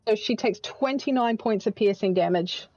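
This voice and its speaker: A woman plays in an online tabletop game, her words tumbling out in eager restarts. Her voice is mellow and dark, recorded dry with a slightly dull, lo-fi tone. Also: medium pitch, moderate pace, dry recording. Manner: eager, stumbling, laughs while describing. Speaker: player.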